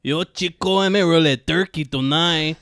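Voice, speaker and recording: A swaggering LA street tough, put on by a man, brags in a heavy Cholo accent, pitched up and loud with a lazy slangy drawl. The sound is dry and close, with no room around it. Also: moderate pace, no echo. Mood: boastful. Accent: LA Chicano (Cholo).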